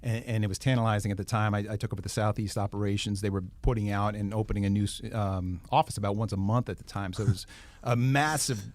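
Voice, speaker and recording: A man's voice: on the low side, fairly even intonation, quick pace, a little mellow, no room sound. A middle-aged man with a New Jersey accent, a guest speaking in a casual interview, often repeating words as he restarts. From northern New Jersey. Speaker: guest, police foundation leader.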